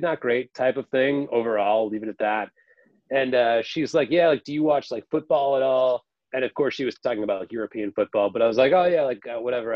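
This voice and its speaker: A man's voice: medium pitch, darkish tone, dry recording. Man, casual podcast guest, rambling and filler-heavy, dry, slightly dull lo-fi sound.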